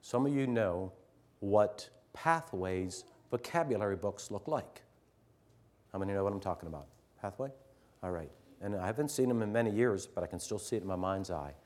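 A middle-aged man, a teacher addressing fellow teachers, telling a story earnestly, swinging from loud emphasis to hushed near-whispers. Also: on the low side, lively intonation, normal speed. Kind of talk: storytelling talk to an audience.

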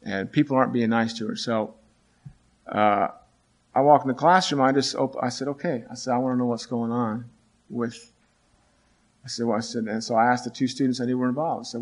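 A middle-aged man, a teacher, tells a story about his students in a voice of ordinary pitch. He speaks earnestly and haltingly, often restarting sentences. His voice lifts when he quotes the students. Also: steady tone. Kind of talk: storytelling talk.

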